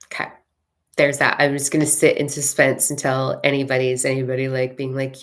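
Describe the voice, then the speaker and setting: A woman spiritual coach with a bass voice and flat delivery chats casually and frankly to a live audience on a livestream. She swears freely and slows down when reading a mantra.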